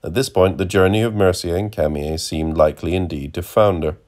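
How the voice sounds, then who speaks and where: A man narrating a literary novel as an audiobook in a measured, dry way. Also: low voice, a little mellow.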